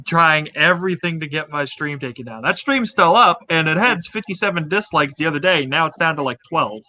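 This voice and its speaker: Lively, foul-mouthed man on a stream. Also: fairly high pitch, brisk. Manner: swears a lot, animated and laughing. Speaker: guest streamer. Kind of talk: casual livestream chat.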